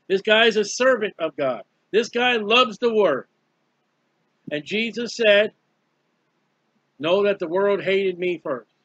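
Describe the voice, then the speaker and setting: A man's voice: high voice, fairly bright tone, no echo. A man preaching a fervent, emphatic Bible study sermon, repeating key phrases. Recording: dull lo-fi dry recording.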